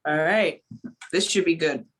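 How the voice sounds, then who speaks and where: Husky woman speaking over a video call. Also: deep voice, unhurried, fairly bright tone. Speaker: guest speaker.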